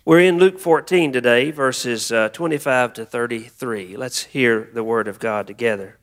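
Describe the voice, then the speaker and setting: A male pastor preaching a sermon in a church, leading prayer and reading scripture in a slow, earnest way. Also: mid-range voice, a bit bright.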